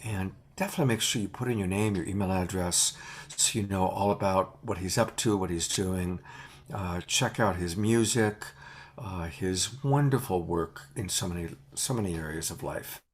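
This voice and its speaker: A man convening an online vigil, praising others warmly in casual chat with many fillers on a video call. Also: sits low, moderate pace, a little hiss or hum.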